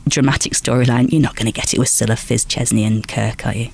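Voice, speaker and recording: A woman in her forties from Lancashire, England, telling lively stories in an interview as a guest actress, often restarting sentences. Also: extremely low pitch, quick pace, creaky, husky. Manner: lively anecdotal storytelling, frequent restarts and small laughs. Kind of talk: chatty interview answers.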